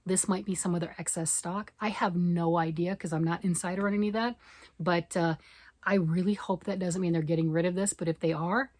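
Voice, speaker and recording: A woman from Michigan, a yarn vlogger chatting excitedly and fast to camera, rambling off on tangents. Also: lowish voice, dry recording. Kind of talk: casual chat to camera.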